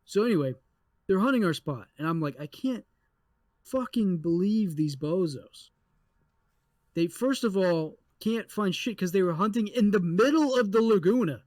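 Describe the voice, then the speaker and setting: A young adult man co-hosting a podcast, telling a story in a casual, animated way with lots of swearing. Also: high-pitched, brisk, dry recording. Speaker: podcast co-host.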